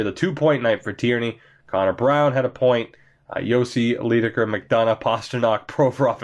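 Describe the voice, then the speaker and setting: A man commentating his own hockey video game play, chatty and excitable, laughing often, while getting over being sick. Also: medium pitch. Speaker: gaming commentator.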